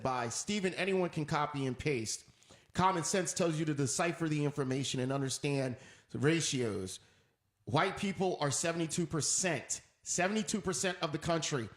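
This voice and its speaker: A man's voice: a little high, reverberant. A man hosting a talk radio show, ranting in an emphatic, preachy way and repeating his points. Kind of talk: opinionated talk radio rant.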